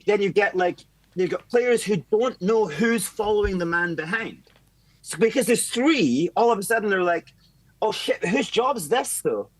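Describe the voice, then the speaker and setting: A man calling into a fan show, talking fast and animated about tactics, swearing freely and acting out what others say. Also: high-pitched, no room sound. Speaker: caller. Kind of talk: casual fan chat.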